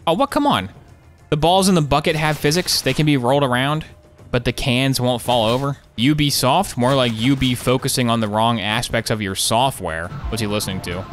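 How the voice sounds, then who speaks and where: A man riffs sarcastically through his gameplay commentary, one joke after another. His voice sits at an ordinary middle pitch. He sounds like a gaming video host talking straight to his audience. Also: a bit bright, soft background music. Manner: joking, sarcastic, quick asides with laughs.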